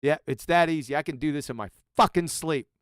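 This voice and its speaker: Ranting, insulting man with a smooth voice. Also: fairly high pitch, brisk, no echo, clean studio sound. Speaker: live stream host reacting to clips. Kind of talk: profane mocking commentary.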